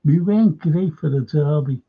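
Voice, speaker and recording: On a live fan show, a man replies to viewers by name, repeatedly hammering his points with emphasis and the odd swear word. He speaks slowly in a gravelly, husky voice pitched a little high, with dull lo-fi audio.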